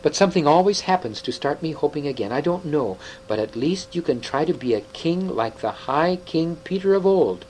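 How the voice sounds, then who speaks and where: A man's voice: on the high side, animated, moderate pace, few pauses, darkish tone, a little hiss or hum, close to an everyday voice, poor audio. A man playing a grave old half-dwarf scholar. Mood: earnest. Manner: grave, earnest and tender.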